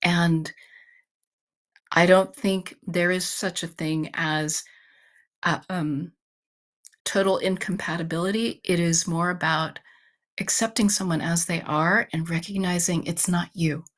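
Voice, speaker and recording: Guest, woman, low voice, measured and explanatory. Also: fairly even intonation. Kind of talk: calm explanatory talk. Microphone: video call.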